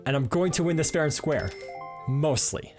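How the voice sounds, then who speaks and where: A man's voice: on the high side, expressive, moderate pace, over music. A man streaming a video game live, talking playfully and jokingly, often stammering and repeating words. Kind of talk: live gameplay commentary.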